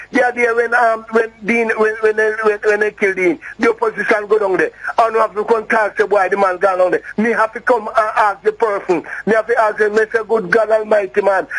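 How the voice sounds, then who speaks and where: A man's voice: high-pitched, a bit bright, poor audio. A man with a Jamaican accent calling a radio show, talking in a rambling, heated way and repeating himself. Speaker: caller. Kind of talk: phone-in call.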